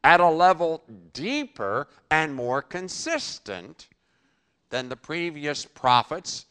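A man preaching in a bright, forceful voice that leaps around in pitch. He punches key phrases loudly, then drops to a near-murmur, and answers his own rhetorical questions. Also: big pitch swings, slow pace, clean tone. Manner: emphatic, with sudden loud bursts and drops to quiet. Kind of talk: sermon.

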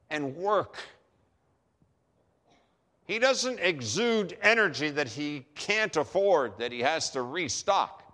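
A man preaching a sermon emphatically, with dramatic pauses and repeated phrases for effect. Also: high voice, bright, forceful tone. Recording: long hall reverb.

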